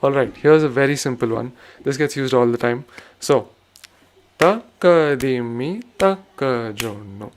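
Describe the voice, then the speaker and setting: A man's voice: medium pitch, fairly even intonation, fairly quick. A man giving a spoken music lesson, patiently explaining rhythm cycles and chanting rhythm syllables aloud. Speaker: rhythm teacher.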